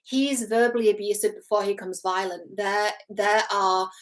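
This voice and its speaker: A woman's voice: mid-range voice, fairly even intonation, normal speed, poor audio. A middle-aged woman talks casually to camera as a relationship coach. She is earnest and chatty, with a mid-range voice, acts out the lines she quotes and laughs at herself now and then. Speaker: relationship coach reacting to a TV series.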